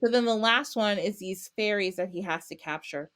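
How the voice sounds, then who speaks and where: A woman's voice: medium pitch, normal speed. A woman guest on a podcast, telling a folktale casually and acting out the characters' lines. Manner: animated, acts out characters with little voices and laughs. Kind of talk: casual storytelling.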